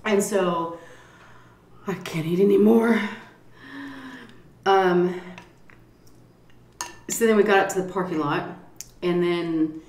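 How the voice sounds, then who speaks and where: A woman vlogger telling a profane, animated story while eating at a table. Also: fairly low pitch, slow pace, long pauses, reverberant, a little hiss or hum. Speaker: mukbang vlogger.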